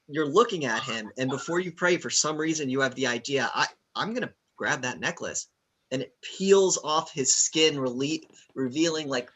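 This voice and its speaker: Bright-voiced male game master. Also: mid-range voice, a little hiss or hum. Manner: casual, rambling with fillers and laughs. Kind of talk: narrating a tabletop game.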